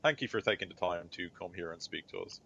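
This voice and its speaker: A cold grand inquisitor, voiced by a man running a tabletop trial, formal and unbending. The voice sits very low and sounds sharp and forceful. The recording is slightly dull and lo-fi. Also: quick pace, slight background noise. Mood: stern. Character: stern male grand inquisitor presiding over a trial.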